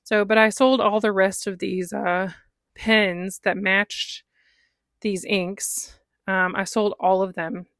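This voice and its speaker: A woman's voice: mid-range voice, little pitch movement, takes it slowly, a bit bright, dry recording. A woman vlogging about her fountain pen inks in a casual, chatty way, with lots of ums and small laughs. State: recovering from a cold. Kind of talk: casual show-and-tell vlog.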